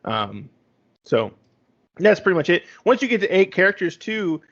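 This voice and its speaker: A man's voice: high voice, big pitch swings, moderate pace. Man explaining game tips on a podcast. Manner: explanatory, rambling with fillers. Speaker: podcast co-host. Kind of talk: casual game review chat. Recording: slightly dull lo-fi audio.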